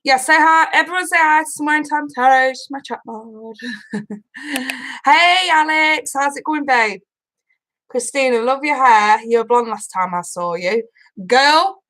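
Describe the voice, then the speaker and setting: A woman's voice: high-pitched, a bit bright, low-quality recording. A woman, a tarot reader hosting a live stream in a casual chat, greeting viewers by name, swearing freely and emotional, laughing through it. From United Kingdom.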